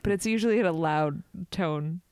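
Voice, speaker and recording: Female podcast co-host, smooth and clear, chatty, playful, casual. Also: lowish voice, moderate pace, darkish tone, dry recording, clean studio sound. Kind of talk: casual chat.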